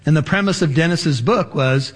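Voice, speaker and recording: A pastor giving a Bible teaching sermon, explaining words carefully and spelling out key terms. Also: male voice, a little high, normal speed, slightly rough, big-room sound.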